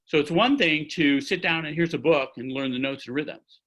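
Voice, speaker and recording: A man's voice: on the high side, moderate pace, a bit bright, rough recording. A man in his sixties, a trumpet player, telling a long-winded, rambling story with lots of restarts on a video call from home. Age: 60s. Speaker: orchestra trumpet player, guest. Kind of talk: anecdotal storytelling in an interview. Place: at home by his music stand.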